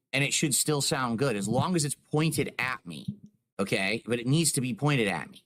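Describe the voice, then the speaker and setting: Speaking at a normal speed, a man in an animated, fairly bright, medium-pitched voice chats casually with his live stream audience from home. He leans on "like" and "you know" while explaining, close on a boom-arm desk microphone.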